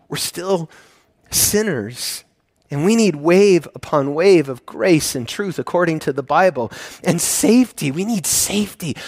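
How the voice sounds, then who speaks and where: A man preaching a sermon as a pastor, earnest and emphatic, swinging between hushed soft lines and rising heartfelt appeals. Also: a little high, no room sound, studio quality.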